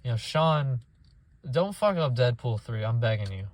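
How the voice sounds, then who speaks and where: A man's voice: medium pitch, lively intonation, moderate pace. Profane young man ranting about movies. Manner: profane, exasperated, mocking voices. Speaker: movie reviewer.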